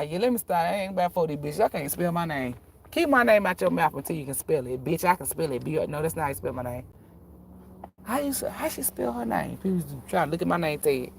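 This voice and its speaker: A woman who reads tarot talks casually and bluntly to her viewers, swearing often and telling animated stories. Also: sits low, fairly quick, gravelly, a little hiss or hum. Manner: profane, emphatic, animated storytelling; slangy and blunt. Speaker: tarot reader.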